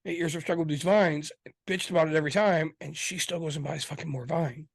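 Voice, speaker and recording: A man's voice: a little high, fairly even intonation, fast, creaky, husky. A man co-hosting a podcast in casual chat, telling stories animatedly and swearing often. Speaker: podcast co-host.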